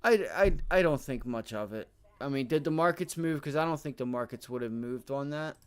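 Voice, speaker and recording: A man's voice: medium pitch, expressive, a little fast, clear, resonant tone. A man streaming live from his desk, talking through stock charts in a loose, rambling way. He grumbles and swears under his breath when things go wrong, then turns back to explaining to viewers, peppering his talk with "right?" and "my friend". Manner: repeats filler words like right and my friend. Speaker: livestream day trading host. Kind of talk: casual live-stream commentary.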